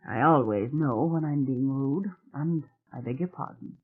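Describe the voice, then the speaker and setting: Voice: mid-range voice, unhurried, husky. A narrator voicing a very tall, strange man who talks frankly and bluntly with odd politeness, over a tinny phone-like sound.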